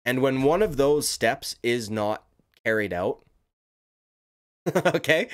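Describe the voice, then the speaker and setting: A man's voice: mid-range voice, expressive, slow, long pauses, fairly bright tone. A man giving casual, profane, rambling commentary as a YouTube commentator, talking emphatically.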